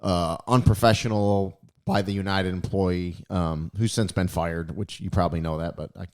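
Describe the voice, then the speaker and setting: A man's voice: low-pitched, fairly even intonation, moderate pace, darkish tone, clear, resonant tone. A man co-hosting a podcast, chatting casually and telling stories in a laid-back, chuckling way. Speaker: podcast co-host. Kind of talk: casual chat.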